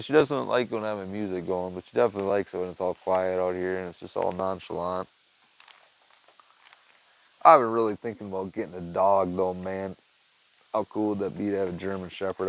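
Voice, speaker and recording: A man in his garage talking casually to his viewers, rambling and swearing, and cooing at his cat in a high voice. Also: gravelly, poor audio. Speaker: vlogger. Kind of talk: casual monologue to camera.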